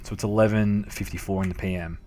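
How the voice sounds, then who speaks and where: A man's voice: on the low side, steady tone, quick pace, darkish tone, a little hiss or hum. An Australian man in his thirties, a game streamer telling casual stories, swearing freely and laughing as he talks. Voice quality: profane, laughing, matey. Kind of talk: casual storytelling chat.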